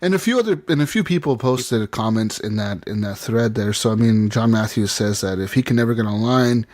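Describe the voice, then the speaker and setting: A man's voice: on the low side, expressive, a little fast, a little mellow. A man co-hosting a gaming podcast in casual chat, telling rambling stories with lots of swearing and laughter. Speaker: podcast co-host.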